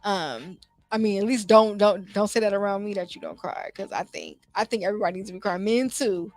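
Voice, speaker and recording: On a relaxed motivational talk show, the young woman hosting speaks fairly fast at a medium pitch, with no echo in the recording. Her delivery is warm and conversational, peppered with "you know" and restarts, as faint music plays.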